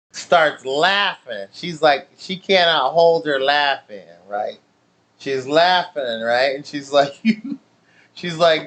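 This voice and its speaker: Profane man telling a story. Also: fairly high pitch. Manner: profane, laughing, animated storytelling. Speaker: channel host. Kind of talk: casual storytelling.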